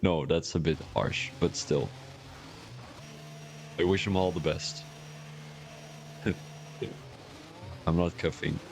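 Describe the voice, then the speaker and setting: A man's voice: low voice, fairly even intonation, slow pace, pauses often, noisy background. A man commentating a sim racing league on a live stream, chatty and joking with rambling asides.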